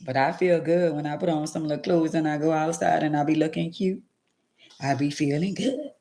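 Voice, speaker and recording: A woman's voice: sits low, brisk, mellow, slight background noise. A middle-aged woman hosting a casual livestream, speaking in a heartfelt, preachy way and talking to viewers by name. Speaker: livestream host.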